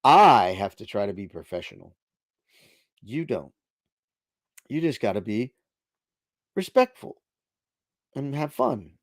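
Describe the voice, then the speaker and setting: A man's voice: medium pitch, animated, a little slow, long pauses, no room sound, clean studio sound. A middle-aged man hosting a casual late-night livestream, reading viewer chat aloud into a desk microphone in a chatty, laid-back way. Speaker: livestream host.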